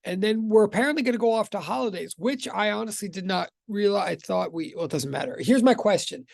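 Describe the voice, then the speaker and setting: Rambling male physics teacher on a video call, gravelly, dry close sound. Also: high voice, fast talker, a little mellow, no room sound. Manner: rambling, self-interrupting, chatty. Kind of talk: casual online class intro.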